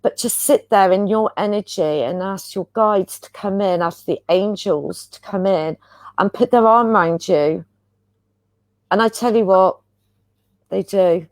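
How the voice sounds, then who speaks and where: A woman's voice: mid-range voice, a little slow, no room sound. Chatty woman, dry close sound. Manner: chatty, earnest, rambling. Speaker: guest healer. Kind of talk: casual spiritual chat.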